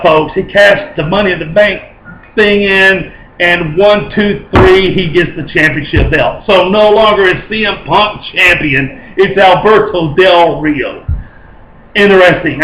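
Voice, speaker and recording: A man giving an excited, rambling casual video review, often correcting himself as he talks. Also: sits high, reverberant, slight background noise, rough recording. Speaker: vlogger reviewing wrestling.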